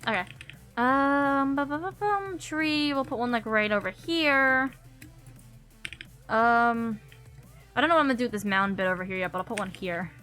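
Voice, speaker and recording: A woman's voice: a little high, moderate pace, long pauses, bright, forceful tone, soft background music. A young woman streaming a game, chatting casually and giggling as she thinks aloud. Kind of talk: casual gameplay commentary.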